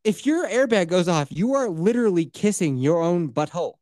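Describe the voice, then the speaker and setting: A man telling stories in casual podcast chat, ranting in a profane, animated way. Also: sits high, brisk, no room sound, clean studio sound.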